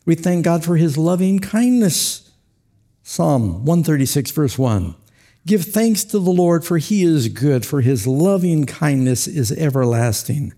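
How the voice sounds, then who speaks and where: A man's voice: on the high side, animated, unhurried, dark tone. A man preaching a sermon, telling stories with acted quotes and chuckles. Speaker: pastor.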